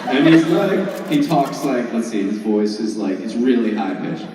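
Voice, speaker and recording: A man's voice: mid-range voice, lively intonation, a little slow, darkish tone. A man telling funny stories on a convention panel, laughing often as he talks. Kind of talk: comic storytelling to an audience. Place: large convention hall with audience. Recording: roomy hall, distant mic, crowd.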